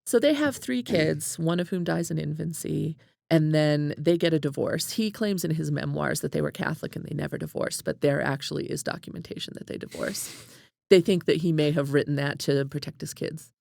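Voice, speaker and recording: A woman's voice: sits low, brisk, gravelly, no room sound. A woman co-hosting a casual book podcast, retelling a life story with lots of "like" and quoted asides. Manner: animated storytelling, many "like"s. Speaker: podcast co-host.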